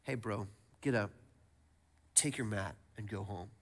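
A man preaching, quietly voicing a calm, gentle adult Jesus in a softer, lower voice. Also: a little slow. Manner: soft, quiet, relaxed. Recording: long church hall reverb.

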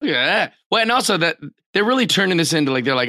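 A man's voice: high-pitched, big pitch swings, quick pace, bright, forceful tone, no echo, clean studio sound. A man co-hosting a podcast, joking and rambling casually with lots of fillers. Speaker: podcast co-host. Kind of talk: casual chat.

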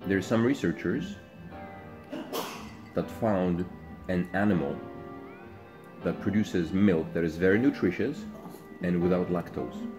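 A man's voice: low-pitched, measured pace, long pauses. A man chatting casually and teasing his partner while vlogging in a cafe. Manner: teasing, dry jokes. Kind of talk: casual chat. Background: music.

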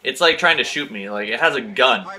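A man's voice: medium pitch, lively intonation, fairly quick, bright, forceful tone. A young man hosting a gaming video, chatting in a goofy, playful way. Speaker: gaming channel host. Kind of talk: casual gaming chat.

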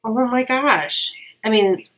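A woman's voice: fairly high pitch, takes it slowly, a bit bright, low-quality recording. A woman chatting casually through an unboxing while she has a cold, rambling with lots of fillers. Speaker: vlogger.

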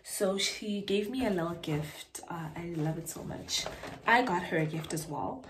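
A woman's voice: fairly low pitch, unhurried, a little hiss or hum. Gushing young woman. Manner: gushing and excitable, slangy. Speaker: vlogger and school teacher. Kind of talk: casual haul chat.

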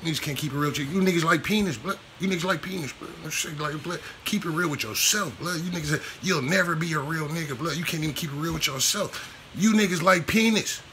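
Guy ranting on his vlog, gravelly and forceful, cussing and repeating himself, faint noise behind. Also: on the high side, quick pace. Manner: profane, repetitive, slangy street talk. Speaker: vlogger. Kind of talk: casual commentary rant.

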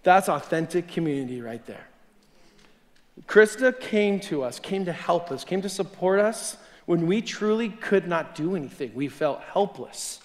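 A man's voice: sits high, lively intonation, unhurried. A man preaching a sermon as a personal story, talking conversationally and chuckling between sentences. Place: church sanctuary. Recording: long hall reverb.

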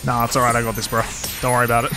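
A man streaming a video game live, commenting excitedly with lots of slang and swearing. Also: medium pitch.

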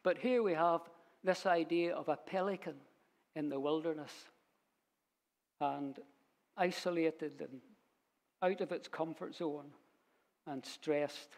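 A man teaching a Bible sermon in a church, unhurried and storytelling as he quotes verses. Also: on the high side, darkish tone. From Scotland. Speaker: preacher.

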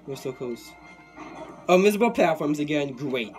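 A young man giving live gameplay commentary, excitable and quick to vent frustration at the game. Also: fairly high pitch. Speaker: gaming YouTuber. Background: game music.

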